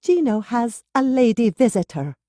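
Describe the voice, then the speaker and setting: A woman voicing a spirited young nanny turned office typist, speaking brightly in a raised voice. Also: a little high, big pitch swings, slow pace, no echo, studio quality, voice pushed up. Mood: disgruntled.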